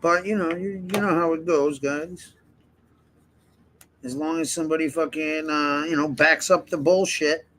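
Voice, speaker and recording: Male streamer, slightly high voice, loose profane rant, faint hiss behind. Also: fairly even intonation, a little slow, fairly bright tone, rough recording. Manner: rambling and profane, heavy swearing; heated ranting. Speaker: livestream host. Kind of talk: casual livestream chat.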